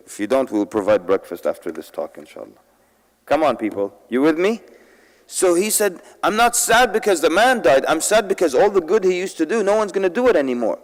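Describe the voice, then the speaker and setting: A man gives a talk to a convention crowd. He tells stories with energy and keeps asking the audience questions. His voice carries a long reverb from the large hall. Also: mid-range voice. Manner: lively storytelling, asks the crowd questions. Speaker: convention speaker. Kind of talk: lecture to a live audience.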